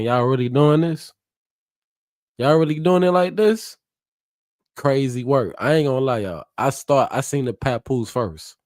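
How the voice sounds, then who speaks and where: A hyped, chatty man running a live reaction stream, his voice sitting fairly low. He laughs often and swears freely as he talks to his viewers. The sound is dry and close, with no room echo. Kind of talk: casual live reaction commentary.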